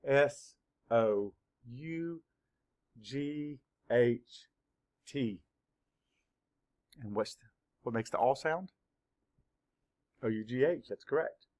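A man teaching a spelling lesson to young children, dictating words slowly and clearly, sound by sound. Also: mid-range voice, a little mellow. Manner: slow, clear word-by-word dictation.

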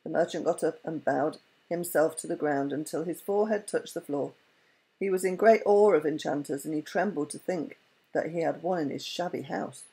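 A woman narrating a storybook tale in a gentle, unhurried reading. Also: sits low, husky, poor audio.

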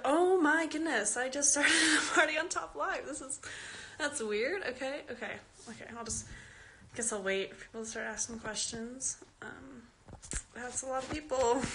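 A woman's voice: high voice, a little slow, pushed and bright. A fourteen-year-old girl from Canada, a young actress, chatting casually and giggling as she reads fan questions aloud on a phone live stream. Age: teens. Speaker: actress answering fans. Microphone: phone at arm's length.

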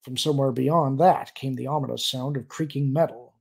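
A man reading a science-fiction novel aloud as a steady audiobook narrator. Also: medium pitch, fairly quick, gravelly, husky. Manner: steady storytelling delivery. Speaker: audiobook reader. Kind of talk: scripted narration.

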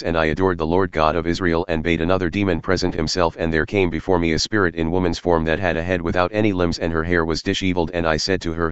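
A man reading an ancient text aloud in a solemn, steady, archaic manner. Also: low-pitched, clean tone, dry recording, muffled recording. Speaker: narrator.

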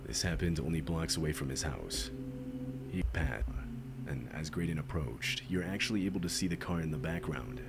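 A man giving measured, factual scripted narration of crime clips, heard from a played-back video. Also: a bass voice, animated, gravelly, slight background noise. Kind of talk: scripted news-style narration.

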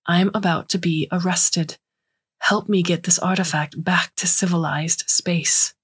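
A woman's voice: on the low side, expressive, moderate pace, husky. A woman voicing a scheming older female alien scientist who speaks in urgent, clipped lines.

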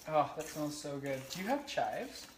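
A woman's voice: low-pitched, sing-song, moderate pace, background noise. A woman co-hosting a casual home cooking video, joking about her mistakes and reading out viewer comments. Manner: self-deprecating, apologetic and jokey. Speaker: co-host. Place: home kitchen. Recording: echoey kitchen with clattering dishes.

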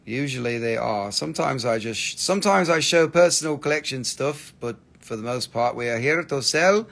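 A man with an American accent hosting a live crystal sale, chatting loosely and cracking profane jokes. His voice sits a touch high with a gravelly fry. He rambles along as he shows off each piece. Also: normal speed, hardly any pauses, a bit bright. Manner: joking, profane, rambling while showing stones. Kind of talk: casual live-stream sales chat.

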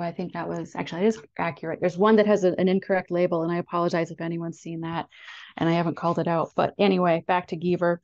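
A woman's voice: on the low side, creaky, a little mellow, no room sound, dull audio. A woman from a national park giving a seminar talk over slides, hesitant, with many ums and restarts.

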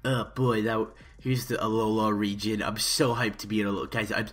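A man's voice: fairly low pitch, little pitch movement, a little fast, heavy background noise. A young man doing parody let's-play commentary, stammering and overhyped in a mock-earnest way. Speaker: YouTuber.

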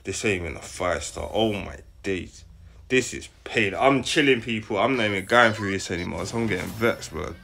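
Gravelly, slow-talking man. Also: fairly low pitch. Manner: slang-heavy, excitable, talks straight to viewers. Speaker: gaming channel host. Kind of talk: casual live commentary.

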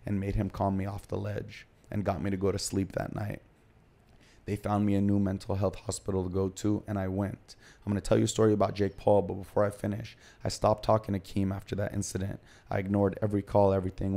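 A man's voice: lowish voice, mellow. A man as a podcast guest, candidly recounting his own story in short, confessional present-tense bursts.

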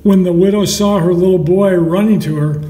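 A man reading a Bible story aloud to children in a slow, measured storytelling way. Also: high-pitched, steady tone, mellow. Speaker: Sunday school storyteller. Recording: echoey hall, mic far off.

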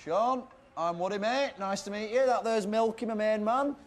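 A man's voice: high-pitched, moderate pace, close to an everyday voice. A young man playing a friendly, teasing skinhead gang leader who coaxes and swears casually. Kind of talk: film drama.

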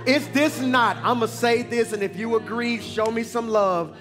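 A man with a fairly high voice leads a live church service as guest pastor. He preaches with rising energy, shouting lines and repeating them for the crowd. Music plays clearly underneath his words. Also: a little slow. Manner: rousing, often shouting, repeats lines for emphasis. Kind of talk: energetic sermon with call and response.

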